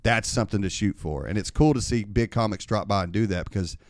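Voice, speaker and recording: A man with a lowish voice spins animated, swear-laced stories as a comedian on a podcast. He is recorded close and dry in a studio. His delivery is loose and conversational. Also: quick pace, no echo. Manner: animated, profane storyteller. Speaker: comedian and open mic host. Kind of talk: casual podcast storytelling.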